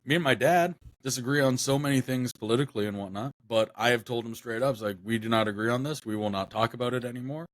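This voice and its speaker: A man's voice: medium pitch, fast talker, few pauses, no room sound. A young man chatting casually on a podcast, rambling with lots of fillers and restarts. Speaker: podcast co-host.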